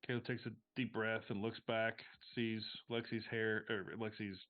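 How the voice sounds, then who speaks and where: A male game master sets scenes and calls on players in an easy, halting way, full of fillers. His mid-pitched voice comes through a thin, phone-like video-call signal. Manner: relaxed, halting narration with fillers. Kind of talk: narrating a tabletop game. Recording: tinny call audio.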